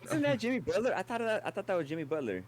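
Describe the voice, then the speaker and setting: A man's voice: sits high, very animated, rapid-fire, slight background noise. A man as a guest on a livestream chat, talking in a laid-back, rambling way with lots of fillers and casual swearing.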